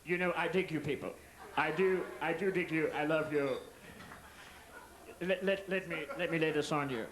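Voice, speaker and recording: A comedian doing an impression of a smooth, hip male showbiz entertainer who croons and talks jive slang. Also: a little high, normal speed, a bit bright, natural voice, poor audio.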